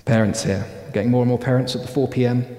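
Male pastor, earnest sermon, medium pitch, reverberant church hall. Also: steady tone, fast. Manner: earnest exhortation, trailing to quiet emphatic phrases.

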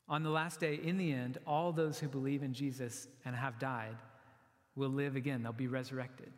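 A man giving a sermon as a pastor, earnest and conversational, often restarting his phrases. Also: mid-range voice. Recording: long reverb of a large hall.

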